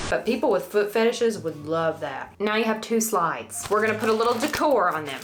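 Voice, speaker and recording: A woman's voice: medium pitch, expressive, moderate pace, hardly any pauses. A woman with a Southern US accent chatting casually through a DIY craft vlog, joking and rambling, now and then stumbling over her words, recorded in a bathroom. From Southern United States.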